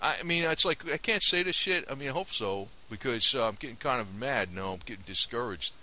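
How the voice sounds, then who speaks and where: A man's voice: medium pitch, expressive, brisk, pushed and bright. A man ranting casually to camera about a TV show, rambling, indignant and conspiratorial. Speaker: vlogger. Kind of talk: casual opinion rant to camera.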